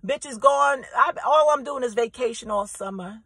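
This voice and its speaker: A woman's voice: on the high side, normal speed, a bit bright, slightly rough, dry recording, low-quality recording. A woman content creator ranting straight to her viewers in a brash, profane, emphatic way, often repeating herself. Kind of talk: direct-to-camera vlog rant.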